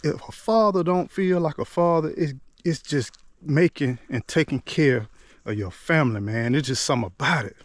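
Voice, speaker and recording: Middle-aged guy telling his story, kinda high voice, says "man" a lot, dry close sound. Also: normal speed, no room sound. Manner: conversational, drops in "man" and "you know what I'm saying" often; repeats and restarts words as he recalls. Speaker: motivational vlogger. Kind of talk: personal storytelling.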